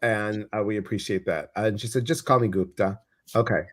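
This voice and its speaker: A man with a Chicago accent, co-hosting a casual livestream, reading viewer comments in a chatty, animated way that repeats phrases for emphasis. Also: on the low side, a little fast. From Chicago, US Midwest.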